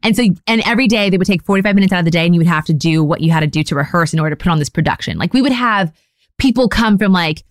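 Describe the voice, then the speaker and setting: A woman's voice: lowish voice, animated, racing, dry recording, studio quality. A young adult woman hosting a podcast, chatting casually and rambling with lots of fillers. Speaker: podcast host.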